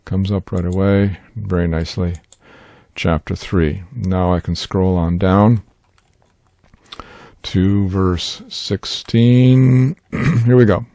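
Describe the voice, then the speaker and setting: A man, likely older, teaching in an unhurried, explanatory way with frequent fillers, in a screen-share tutorial recorded close to a desk mic. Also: low voice, steady tone, vocal fry, mellow, no echo. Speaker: Bible language teacher.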